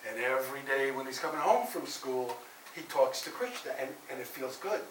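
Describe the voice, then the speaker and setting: Animated male minister telling stories. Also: medium pitch, normal speed. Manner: animated storyteller, rising loud for drama and dropping soft for quiet lines. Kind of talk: sermon storytelling. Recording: roomy echo, heard from a distance, faint hiss.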